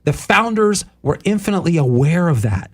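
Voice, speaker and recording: Brief: higher-voiced male host, preachy and emphatic. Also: very animated, brisk. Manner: sermon-like, emphatic, lists words. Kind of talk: talk show discussion.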